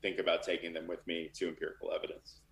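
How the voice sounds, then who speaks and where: A man's voice: sits low, completely flat delivery, fast, gravelly, fairly bright tone, reverberant. A man talking casually and candidly as a guest in an interview, with lots of fillers. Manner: loose and candid, many fillers. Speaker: literary manager.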